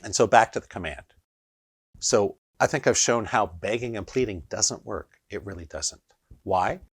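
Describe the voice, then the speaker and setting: A man teaches energy healing straight to camera, speaking with emphasis and pausing for rhetorical checks. His voice sits a little low. The sound is dry, with no room echo. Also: breathy edge. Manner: emphatic, keeps asking rhetorical "right?". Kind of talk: instructional video monologue.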